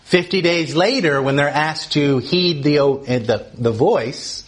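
A man giving a casual, conversational Bible lesson, often tagging his points with "right?" and rising sharply in pitch when he stresses something. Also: measured pace. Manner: animated, often asks "right?", rises in pitch for emphasis. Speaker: Bible teacher.

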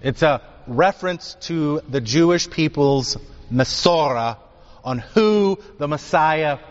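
A man delivers a sermon in an emphatic teaching manner, often turning to his listeners with rhetorical questions. His voice sits a little high. The recording is muffled and carries a long reverb, as if captured in a large hall. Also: animated, slow pace. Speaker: preacher.

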